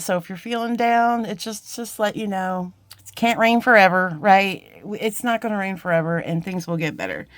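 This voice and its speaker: A woman's voice: medium pitch, dry recording. A woman chatting casually while demonstrating a jewelry craft, rambling and getting sidetracked in a friendly way. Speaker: jewelry-making YouTuber. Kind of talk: casual crafting tutorial chat.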